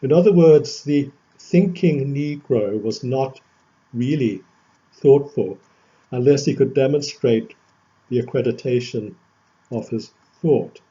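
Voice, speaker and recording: A male lecturer giving an academic lecture, measured and thoughtful, with emphatic rising phrases. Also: mid-range voice, warm tone, breathy edge. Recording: dull lo-fi recording.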